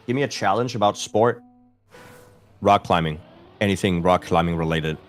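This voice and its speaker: A man's voice: sits low, moderate pace, soft background music. Easygoing man with a light Danish accent. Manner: easygoing, chatty, self-deprecating. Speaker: streamer co-hosting a game stream. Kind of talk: casual chat, reading chat.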